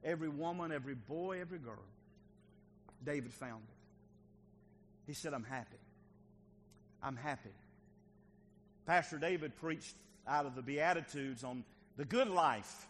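A man's voice: a little high, a little slow, pauses often, a bit bright, slight background noise. A male pastor preaching a sermon in a church, earnest and repeating phrases for emphasis, with bursts of emphatic delivery. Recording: hall reverb with faint ambience.

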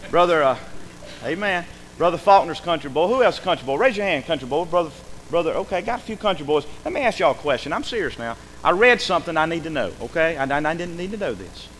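A male pastor preaches in a folksy, animated way, his fairly high voice ringing through a church with a long reverb. Faint noise sits under the recording. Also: quick pace. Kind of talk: sermon. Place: church sanctuary.

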